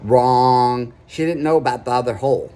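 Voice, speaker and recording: A man's voice: mid-range voice, normal speed, warm tone. A man telling a personal story straight to camera in an earnest, emphatic way, often stopping to ask "okay?". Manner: keeps checking in with "okay?" between points; earnest, emphatic, plain-spoken. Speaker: vlogger.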